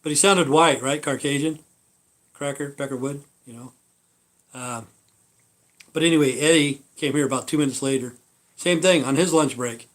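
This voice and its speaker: A man's voice: mid-range voice, moderate pace, long pauses. A man hosting a live stream, telling stories in a meandering, profane way. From Idaho. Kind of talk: rambling casual live-stream chat.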